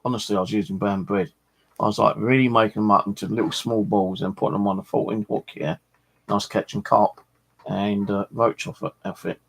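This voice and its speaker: A middle-aged man talks in a deep, gravelly voice with a husky edge. He rambles in a loose, chatty way and swears freely as he tells his stories. He sounds like the relaxed host of a fishing vlog. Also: a little fast, low-quality recording. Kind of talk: rambling casual chat.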